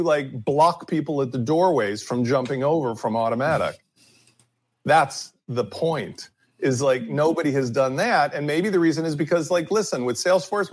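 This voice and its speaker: Panel co-host, male, slightly high husky voice, forceful and opinionated. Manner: opinionated, emphatic, drags out key words. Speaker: podcast co-host. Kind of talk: casual panel discussion.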